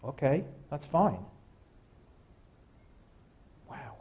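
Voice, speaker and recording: Man leading a gentle church talk. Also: medium pitch, sing-song. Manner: slow, gentle guided-exercise delivery with wry humor. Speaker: guest speaker. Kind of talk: guided reflection talk at church. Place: church sanctuary.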